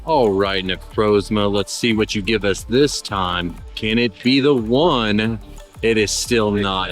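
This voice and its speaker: A man with a fairly low voice gives casual play-by-play on his own game channel. He sounds upbeat and chatty as he reacts to each result, and soft music plays faintly underneath. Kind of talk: casual gameplay commentary.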